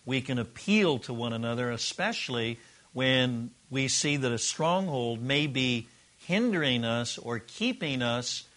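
A middle-aged man with a mid-range, fairly bright voice teaches a relationship course to a live group in a room. He's earnest and conversational, sometimes acting out sample dialogue.

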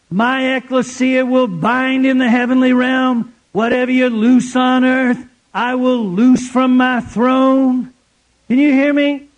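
Man, preacher, very high voice, emphatic sermon delivery, rhetorical questions.

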